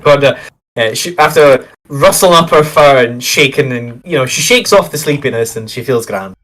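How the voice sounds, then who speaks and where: A man's voice: mid-range voice, normal speed, a bit bright. A man playing a tabletop game, trading jokes and profane banter in a casual chat. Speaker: player.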